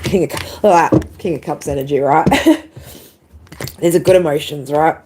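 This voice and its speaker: A woman's voice: low-pitched, normal speed, mellow, a little hiss or hum. A woman doing a live tarot stream, tearful and emotional, swearing freely and tagging lines with "right?" and "man". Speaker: tarot reader.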